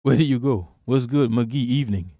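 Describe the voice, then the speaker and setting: A man hosting a livestream delivers a casual political rant, profane and mocking, repeating himself and laughing often. His voice is medium-pitched and dark, at a normal speed, in a dry, clean studio recording.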